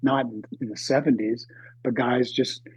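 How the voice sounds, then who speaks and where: A man in his seventies, a podcast guest, telling a story in a halting, dramatic way that swings between loud and hushed. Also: medium pitch, steady tone, husky, no room sound. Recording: dry, slightly dull lo-fi recording.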